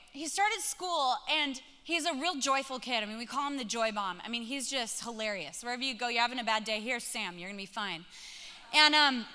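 A woman in her thirties preaching a sermon, telling a family story and acting out the dialogue in an animated way. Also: high-pitched. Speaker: pastor. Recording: long reverb of a large hall.

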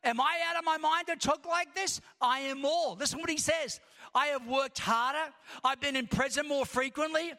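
High, bright-voiced preaching man in a hall. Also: normal speed. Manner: impassioned, rising to shouts, reads scripture in long rhythmic lists. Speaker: pastor. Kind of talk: preaching a sermon. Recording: long reverb of a large hall.

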